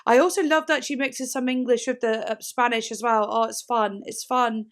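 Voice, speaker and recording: Excitable woman reacting to music. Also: fairly high pitch, moderate pace, hardly any pauses. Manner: excitable and rambling, full of "like" and gasps. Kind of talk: casual music reaction commentary. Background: faint music playing.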